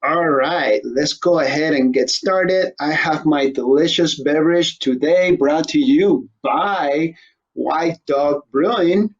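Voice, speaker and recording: A man's voice: fairly high pitch, slow pace. Joking male host, dull lo-fi sound. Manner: irreverent, joking, swears casually. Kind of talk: casual joking interview.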